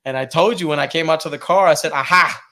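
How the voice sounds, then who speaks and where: A man co-hosting a casual horror podcast, telling ghost stories in an animated way, swearing freely and acting out quotes. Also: a little high, very fast. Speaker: podcast co-host. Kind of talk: casual chat, storytelling.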